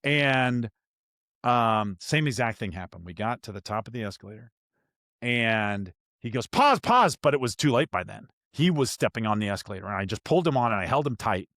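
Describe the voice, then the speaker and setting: A man's voice: on the low side, brisk, fairly bright tone, no room sound, clean studio sound. A man hosting a podcast, telling a story from his own parenting in a candid, self-reflective way with frequent restarts. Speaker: podcast host. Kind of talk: casual storytelling chat.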